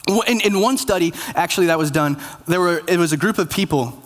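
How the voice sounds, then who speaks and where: A pastor preaching a conversational, self-deprecating sermon to a church congregation, with frequent restarts and playful asides. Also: male voice, sits high, fairly quick. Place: church with online audience.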